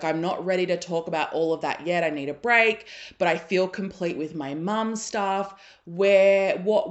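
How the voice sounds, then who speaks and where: A low-pitched woman in her thirties hosts her own podcast and talks straight to her listeners, earnest and openly emotional. She slips between laughter and tears as she speaks. The sound is a little dull and lo-fi. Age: 30s. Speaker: podcast host. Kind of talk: emotional solo podcast monologue.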